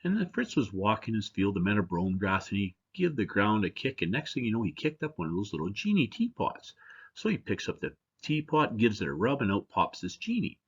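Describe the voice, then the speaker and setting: Man, seminar presenter, conversational and joking, husky voice, dull lo-fi recording. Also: fairly low pitch, sing-song, fairly quick. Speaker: seed company representative presenting at a seminar. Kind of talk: conference presentation.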